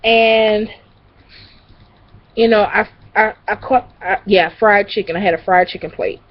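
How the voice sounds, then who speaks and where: A woman's voice: medium pitch, steady tone, measured pace. A young woman telling a casual story to her camera, rambling and profane, with lots of fillers. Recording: dull lo-fi recording.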